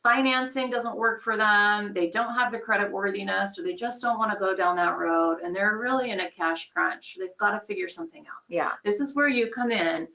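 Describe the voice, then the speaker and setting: A woman's voice: mid-range voice, normal speed, few pauses, bright, forceful tone, highs cut off. A woman sales trainer leading an online customer-care course, explaining in an upbeat, conversational way.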